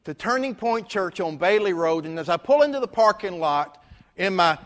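A male pastor tells a story from the pulpit, and his voice sits fairly high. He delivers it with lively energy and slips into the dialogue as he goes. His voice carries a long reverb through a large church sanctuary. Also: normal speed. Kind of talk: storytelling sermon.

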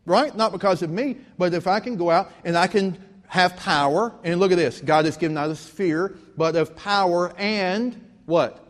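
A man's voice: sits high, moderate pace, hardly any pauses, in a large hall. A man, preaching a sermon as pastor, telling stories with rising emphasis. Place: church sanctuary.

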